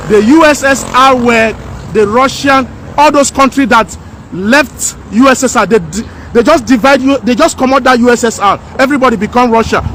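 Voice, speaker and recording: A woman's voice: on the high side, slight background noise. A woman gives an impassioned opinion vlog outdoors, preachy and fiery, repeating her lines for emphasis. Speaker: vlogger. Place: outdoors by houses.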